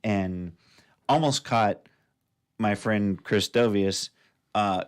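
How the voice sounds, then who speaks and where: A man's voice: on the low side, extremely slow, clean tone. A man, a radio show host, telling a rambling motorbike story in casual chat.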